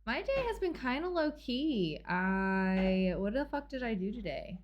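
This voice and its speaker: A bubbly woman livestreamer chatting with her viewers from home. Her pitch swings widely up and down as she talks. She laughs easily and keeps up a steady, casual patter. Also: unhurried, dull audio. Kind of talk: casual chat with live viewers.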